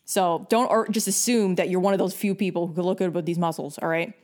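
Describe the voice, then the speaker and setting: A woman's voice: lowish voice, fairly even intonation, fast, a little mellow. A young woman from New York giving blunt, bossy advice in a casual rant full of swearing. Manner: blunt and heavily profane; bossy, lecturing.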